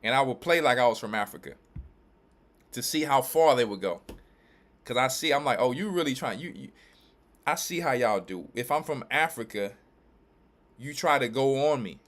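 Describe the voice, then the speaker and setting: A mid-pitched man from Louisiana and Texas speaks as a church elder and pastor. He preaches his commentary emphatically, repeating himself and restarting his phrases. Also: expressive, a bit bright. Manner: emphatic and repetitive, with quick restarts.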